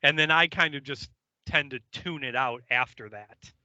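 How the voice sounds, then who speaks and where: Bright-voiced sarcastic man on a podcast. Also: mid-range voice, moderate pace, no room sound, dull audio. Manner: deadpan sarcastic, easygoing. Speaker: podcast co-host. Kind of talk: casual chat.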